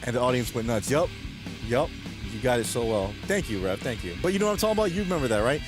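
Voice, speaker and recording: Male streamer, mid pitch, loose rambling chat with viewers, quick to laugh. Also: big pitch swings, music in the background. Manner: rambling, chuckles often, retells jokes. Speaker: live streamer reading chat. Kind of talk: casual late-night stream chat.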